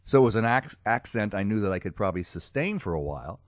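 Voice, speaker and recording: A middle-aged man with a notably deep, low-pitched voice talks casually as a podcast guest. He tells his stories with self-mocking humor and laughs often. The recording is close and dry. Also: sing-song, quick pace, no echo. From Cincinnati, USA. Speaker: guest, comedic speaker and character performer.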